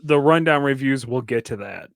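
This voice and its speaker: A man co-hosting a movie-review podcast, chatting casually in an animated, rambling way and swearing often while he jokes. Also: medium pitch, normal speed. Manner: animated, rambling, profane and joking. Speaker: podcast co-host.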